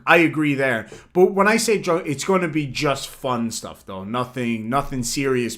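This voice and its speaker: A man hosting a casual livestream and reading viewer messages aloud, playfully combative and quick to swear. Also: medium pitch, fairly bright tone. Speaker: livestream host.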